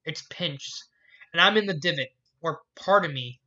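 A reader voicing a shy, bookish young woman who talks hesitantly and haltingly, in a fan fiction read aloud. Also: mid-range voice, animated, bright, forceful tone. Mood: hurting. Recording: dull lo-fi recording.

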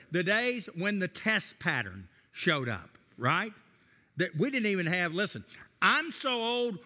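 Guest preacher, man in his sixties, Tennessee-Texas drawl, a bit high, folksy storyteller, ringing church reverb. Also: bright, forceful tone. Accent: Tennessee and Texan Southern American. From Nashville, Tennessee, USA. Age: 60s. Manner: folksy storytelling, self-deprecating humor. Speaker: guest pastor. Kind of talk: sermon.

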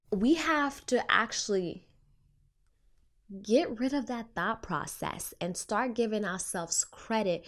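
A young woman who works as a clinician and hosts a podcast, telling a story in a casual, expressive way and acting out her own thoughts. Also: medium pitch. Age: young adult.

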